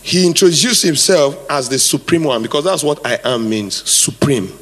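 Man, pastor, live sermon, husky, repeats phrases for emphasis, long hall echo. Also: on the high side, lively intonation, normal speed, a bit bright. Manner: emphatic, repeats phrases, asks the congregation to fill in words.

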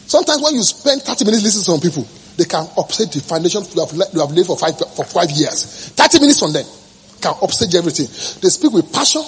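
Man, pastor, high-pitched, animated preaching, bursts of shouting. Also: quick pace, slight background noise, poor audio. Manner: passionate preaching with sudden shouts and laughter. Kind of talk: sermon.

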